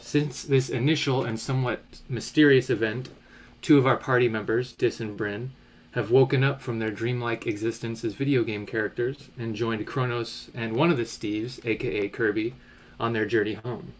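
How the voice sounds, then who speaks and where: A man's voice: mid-range voice, fairly even intonation, normal speed, a little hiss or hum. Man recapping as game master. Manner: reads story recap. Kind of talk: recap narration.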